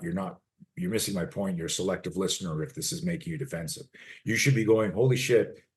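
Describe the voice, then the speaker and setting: A man in his sixties with a low-pitched voice, speaking as a personal defense coach in an interview. He is blunt and emphatic, swears freely, and acts out short confrontation scenes to make his points. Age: 60s. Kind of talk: interview, animated teaching with role-play demos.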